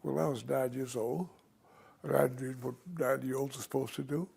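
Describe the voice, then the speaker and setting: An older man, an interview guest, telling stories from his life in an unhurried, reflective way. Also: medium pitch, steady tone, vocal fry, darkish tone, slightly rough. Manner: unhurried, reflective storytelling with small restarts. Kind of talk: storytelling in conversation.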